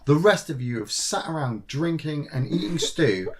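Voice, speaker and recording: A man's voice: a little high, moderate pace. A man co-hosting a podcast in casual chat, swearing freely and acting out game characters as he retells what happened. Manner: swears a lot, acts out characters in animated retellings. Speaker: podcast co-host.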